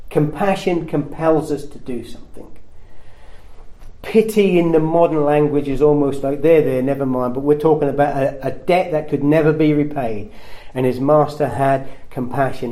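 A man preaching a sermon in an earnest way, his voice rising at emphatic points. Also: mellow. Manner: earnest, rises in pitch and volume at emphatic points.

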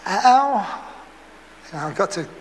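His voice sits high and his pace is slow as this Essex man delivers a sermon. He tells stories with laughs and acts out the lines he quotes, his words echoing through a hall with faint background noise.

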